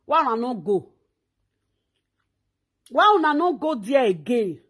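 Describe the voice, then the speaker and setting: A woman's voice: fairly high pitch, sing-song, measured pace, fairly bright tone, breathy edge. A Nigerian woman hosting her own talk show, delivering a scolding, insulting rant. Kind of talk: social media rant.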